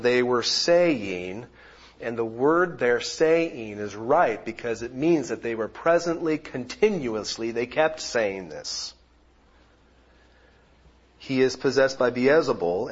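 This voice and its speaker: A husky male pastor preaches at an unhurried pace, lingering over his words as he explains scripture. His voice carries a slightly breathy grain, and the recording sounds dull and lo-fi. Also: mid-range voice. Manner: animated, shifting from quiet explanation to loud exclamations. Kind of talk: sermon.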